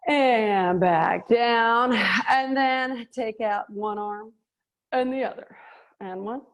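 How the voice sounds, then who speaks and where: A woman's voice: fairly high pitch, slow, muffled recording. A middle-aged woman instructing a live workout class, upbeat and joking, counting out reps and slightly out of breath. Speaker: fitness and yoga instructor.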